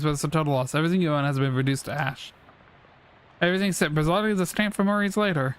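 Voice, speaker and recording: A man's voice: on the high side, steady tone, racing, clear, resonant tone. A man streaming a comedy role-playing game, reading its dialogue and narration aloud in a mock-solemn, old-fashioned manner. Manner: archaic mock-solemn delivery for game characters. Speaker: gaming streamer.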